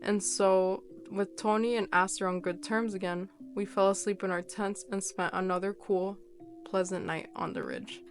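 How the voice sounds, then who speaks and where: A woman reading a horror story aloud in a steady, measured narration. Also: medium pitch, soft background music.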